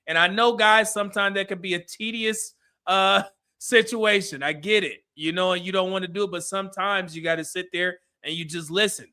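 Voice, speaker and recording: A man's voice: high-pitched, a little fast. A man hosting a review, giving casual live commentary and acting out bits of quoted dialogue. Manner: animated, acts out quoted dialogue. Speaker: host reviewing a dating show.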